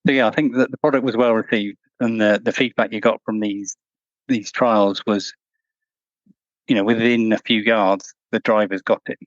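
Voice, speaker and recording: A man answering interview questions in a measured, thoughtful way, with frequent restarts. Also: fairly low pitch, fairly even intonation, no room sound, muffled recording. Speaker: guest, former truck company employee.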